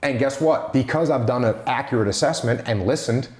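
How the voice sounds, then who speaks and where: A man's voice: mid-range voice, brisk, a little mellow. A man talking through ideas on leadership in a casual podcast conversation, with an emphatic manner, hammering on key phrases. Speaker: leadership speaker. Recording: roomy echo.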